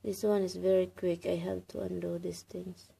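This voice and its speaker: A woman's voice: on the low side, level tone, moderate pace, gravelly, mellow, poor audio. A Filipino woman vlogging from her house, chatty and laughing at herself with many exclamations. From Philippines. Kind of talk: casual home vlog. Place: inside a house being painted.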